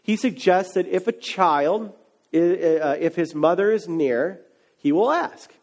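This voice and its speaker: A man with a notably high voice gives a relaxed, conversational sermon as a pastor. He talks like he's chatting with friends, then leans into short, emphatic questions and answers. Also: measured pace. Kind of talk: casual sermon.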